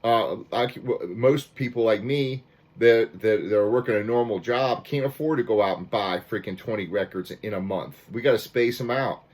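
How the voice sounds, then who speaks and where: A man's voice: lowish voice, moderate pace. Fired-up man ranting about records. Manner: fired-up, repetitive restarts, swears mildly. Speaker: vinyl record collector ranting. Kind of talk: casual rant to camera.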